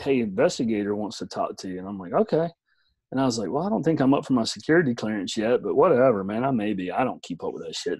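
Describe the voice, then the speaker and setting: A man's voice: fairly low pitch, darkish tone, slightly rough, no room sound, rough recording. A middle-aged man telling a story in casual chat as a podcast co-host, laid-back, swearing, often saying "man".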